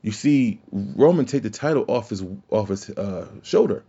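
A man's voice: lowish voice, lively intonation, normal speed, dark tone, breathy edge. Opinionated rambling podcast man, dull audio. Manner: opinionated and rambling, with frequent restarts and profanity. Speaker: wrestling podcast host. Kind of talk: casual opinion podcast talk.

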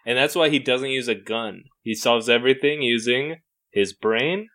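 A man's voice: medium pitch, normal speed, a bit bright. A young man co-hosting a podcast, joking and laughing while making up a story with friends. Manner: joking, laughs often, tries out silly voices. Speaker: podcast co-host. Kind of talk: casual banter, improvising a story.

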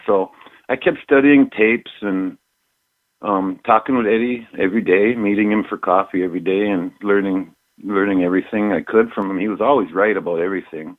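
A middle-aged former pro wrestler from Minnesota, telling rambling stories in an interview, repeating himself and laughing often. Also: male voice, lowish voice, fairly even intonation, fairly quick. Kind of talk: casual storytelling interview. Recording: tinny phone line.

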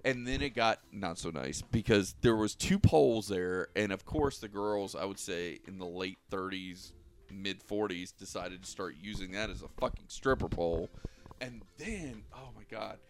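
A man's voice: on the low side, moderate pace. A man casually telling a long, profane story to friends, laughing and acting out the people in it. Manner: animated, profane, laughing storyteller who acts out quotes. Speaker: podcast co-host telling a story.

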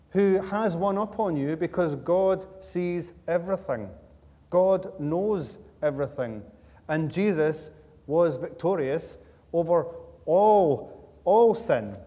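Slightly high and mellow, a Scottish man's voice fills a church sanctuary as he preaches. His sermon is conversational and joking, built on stories and emphatic repetition, and the hall gives it a long reverb.

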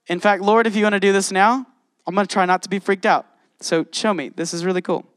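A man preaching a casual, animated sermon, reading scripture and exclaiming often to his listeners. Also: high voice, fast talker, no echo, clean studio sound.

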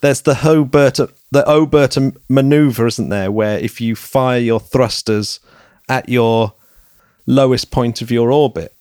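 A man's voice: mid-range voice, unhurried, a little mellow, clear, resonant tone, dry recording, clean studio sound. Chatty man who laughs easily. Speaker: podcast co-host. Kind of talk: casual chat.

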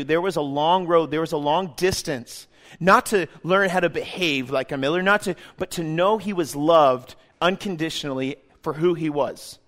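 A man preaching a sermon, impassioned, moving between hushed, tender passages and loud, fervent calls. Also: high-pitched.

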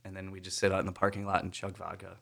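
Relaxed man in his thirties, casual co-host, rambling and laughing storyteller. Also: deep voice, rapid-fire, vocal fry. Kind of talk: casual chat.

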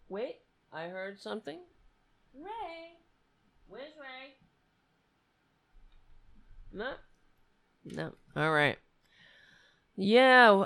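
A woman hosts her live-stream show in loose, rambling chat, ranting one moment and thinking aloud the next. She talks slowly in a somewhat low voice that is starting to go hoarse. The sound is dry and close to the mic. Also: fairly bright tone, no room sound. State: losing her voice.

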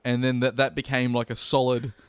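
A man's voice: mid-range voice, completely flat delivery, a little fast, clear, resonant tone, no echo. A young Australian man co-hosting a casual comedic podcast, rambling and laughing often as he talks. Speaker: podcast co-host.

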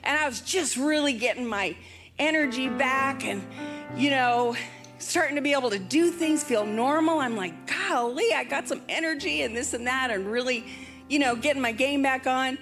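Older lady preaching, high voice, all fired up and repeating herself, music under it. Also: normal speed, fairly bright tone. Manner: emphatic, fervent, repeats rallying phrases. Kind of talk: sermon.

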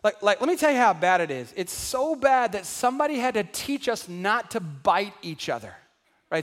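High-voiced preacher in a reverberant hall. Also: male voice, moderate pace. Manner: animated, calls out to the congregation; acts out household voices for laughs. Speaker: pastor. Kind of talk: sermon. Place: large church hall.

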